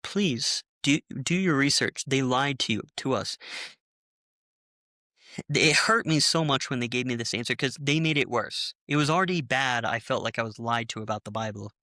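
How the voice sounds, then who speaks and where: A young man telling his story of leaving a church, heated and animated, acting out the people he quotes. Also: mid-range voice, moderate pace, no echo, clean studio sound. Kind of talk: personal testimony in a conversation.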